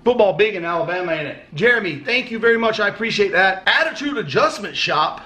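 Vlogger, male, high bright voice, loose and profane, reads fan mail aloud. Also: lively intonation, quick pace, a little hiss or hum. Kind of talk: casual unboxing chat.

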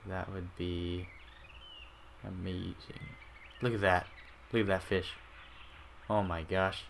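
A man's voice: deep voice, little pitch movement, slow, vocal fry, slight background noise. A man hosting a casual let's-play, rambling with many fillers and restarts. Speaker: gaming channel host.

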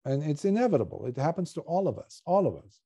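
A monk guides listeners through a scripture in a deep, mellow voice. He speaks reflectively, pausing often with small fillers as he explains each passage. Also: big pitch swings, vocal fry, husky. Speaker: Buddhist monk teacher. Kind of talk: sutta study talk.

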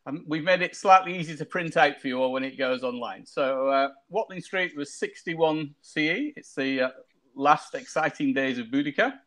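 A man hosting a casual video-call chat, cracking jokes and restarting his sentences as he goes. His voice is bright and forceful and sits a little high. He rambles but keeps things moving. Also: animated, normal speed. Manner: jokey, rambling with many restarts. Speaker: wargaming show host.

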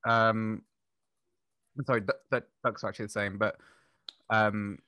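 Casting: male podcast guest, bright tense tone, close dry sound, explains patiently. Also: lowish voice, flat delivery, a little slow, smooth, dry recording. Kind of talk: casual podcast chat.

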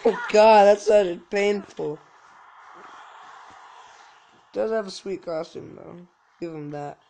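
A gaming channel host giving casual, joking let's-play commentary, with sudden loud yelps and self-mocking asides. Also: medium pitch, unhurried, vocal fry, a little hiss or hum, rough recording.

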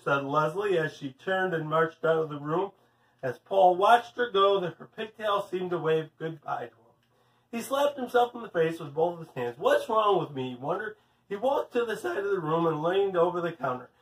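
A man, a gym teacher, reading a story aloud to children as an animated storyteller. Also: sits high. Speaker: physical education teacher. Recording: echoey room, mic at a distance.

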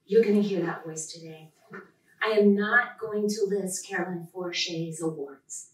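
A woman's voice: lowish voice, unhurried. A woman professor giving an enthusiastic, heartfelt introduction at a live poetry reading. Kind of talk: live event introduction speech. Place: lecture room at a reading. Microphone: podium mic. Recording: echoey hall, distant mic.

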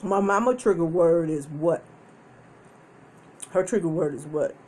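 A woman hosting a mukbang, chatting casually to viewers while she eats and telling stories animatedly, with frequent laughter and loud whoops. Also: lowish voice, a little slow, slightly rough. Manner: chatty, addresses viewers directly. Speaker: mukbang host. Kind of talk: casual chat while eating.

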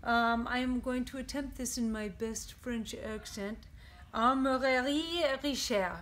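A woman's voice: a little high, flat delivery, measured pace. Upbeat woman showcasing knives. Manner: upbeat, detailed, descriptive. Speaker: knife company owner presenting products. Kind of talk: product showcase narration.

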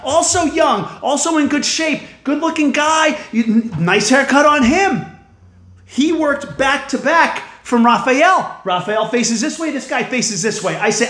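A man telling a profane story as a stand-up comedian, animated and building to yelling. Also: very high voice. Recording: echoey room.

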